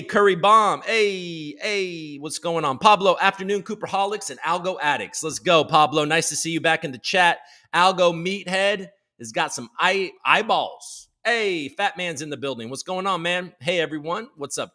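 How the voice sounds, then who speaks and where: Brief: joking male livestream host, a bit high-pitched, bright tone, greets everyone by name. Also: lively intonation, moderate pace. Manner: swears freely. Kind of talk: casual livestream chat.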